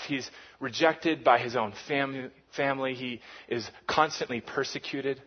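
A man preaching a sermon, swinging between hushed lines and loud, emphatic peaks. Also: medium pitch, breathy edge, highs cut off. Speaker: pastor.

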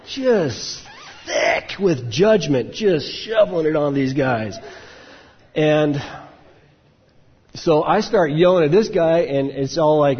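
Husky-voiced man preaching a story. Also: medium pitch, normal speed, dull audio. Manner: animated storyteller, acts out quotes loudly. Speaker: pastor. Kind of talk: sermon storytelling.

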